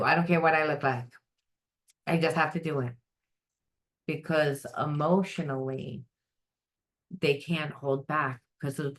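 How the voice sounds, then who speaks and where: A middle-aged woman giving an unscripted psychic reading, blunt and animated, swearing freely and acting out the voices she quotes. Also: sits low. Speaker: psychic tarot reader.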